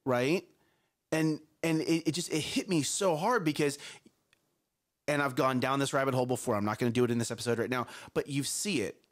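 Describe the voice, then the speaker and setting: A man's voice: mid-range voice, fairly quick. A man co-hosting a parenting talk show, telling stories with lots of repeated phrases. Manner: animated storyteller, repeats phrases. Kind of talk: casual chat.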